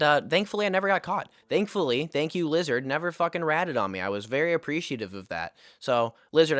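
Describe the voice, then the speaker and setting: A young man recounts a storytime tale with animated energy and frequent swearing. His voice sits at an ordinary middle pitch. The sound is dry and close, with almost no room echo. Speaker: storytime vlogger. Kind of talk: casual storytime vlog.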